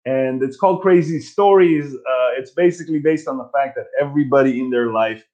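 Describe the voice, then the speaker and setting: A man's voice: mid-range voice, fairly quick, a little mellow, muffled recording. A man in his forties hosting a casual live stream from his old bedroom, ranting and telling stories in a profane, self-mocking way. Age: 40s.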